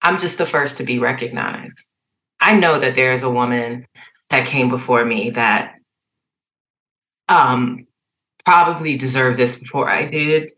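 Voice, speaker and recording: A woman's voice: a bass voice, a little slow, long pauses, rough recording. A woman speaking candidly as a podcast guest, frank and open, laughing and sometimes quoting others. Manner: frank, emotional, animated when quoting others. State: tearful at times. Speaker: guest, advertising executive.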